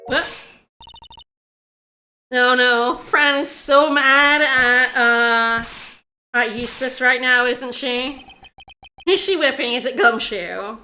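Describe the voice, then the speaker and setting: A woman streaming a video game, chatting casually with her viewers, excitable and insistent, repeating herself and laughing often. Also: high voice, takes it slowly, pauses often. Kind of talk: casual game commentary to chat.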